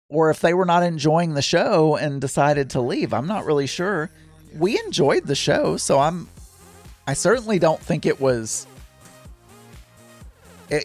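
A middle-aged man telling a rambling, chatty story with exasperated asides. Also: mid-range voice. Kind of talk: casual storytelling monologue.

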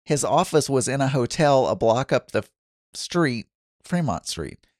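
On his casual solo podcast, an Arkansas host reads listener messages aloud in a very animated, medium-pitched, unhurried voice. The recording is dry with clean studio sound. He keeps things chatty and self-deprecating, laughing and restarting often.

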